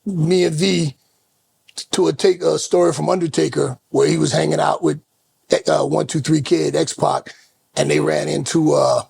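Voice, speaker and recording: A man co-hosting a podcast, telling an animated road story in casual chat and acting out the voices in it. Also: fairly high pitch, normal speed, vocal fry. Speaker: co-host.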